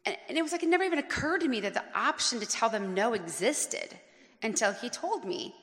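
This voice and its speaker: Woman, storytelling, earnest, bright tense tone, long reverb of a hall. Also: a little high, lively intonation, brisk. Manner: earnest, emotional, speaks in long run-on chains of "and". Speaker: speaker telling her story. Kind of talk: personal storytelling talk.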